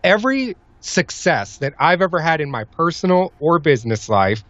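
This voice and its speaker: A man's voice: fairly high pitch, very animated, moderate pace, a bit bright, no echo. A man hosting a podcast, emphatic and enthusiastic as he asks questions and comments. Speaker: podcast host. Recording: dry, dull lo-fi sound.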